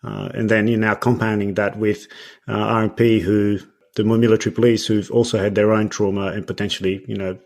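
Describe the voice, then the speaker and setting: A male podcast host with a somewhat low voice, asking his guest questions. He circles his point and repeats words before he lands on the question. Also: flat delivery, a little fast, vocal fry, a little mellow. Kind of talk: interview conversation.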